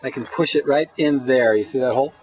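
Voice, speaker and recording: Middle-aged man, mid-range voice, deadpan jokey self-filmed tour with lots of ums. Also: medium pitch, fast, poor audio. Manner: deadpan, jokey, rambling with fillers. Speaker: locksmith vlogger. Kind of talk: joking self-made video tour. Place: outdoors by his van and in his shop.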